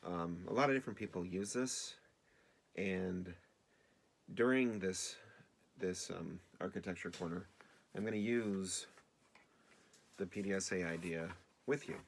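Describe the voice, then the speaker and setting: A man's voice: deep voice, a little slow, pauses often. A male teacher giving a casual remote video lesson to children, chatty and self-deprecating, with many fillers.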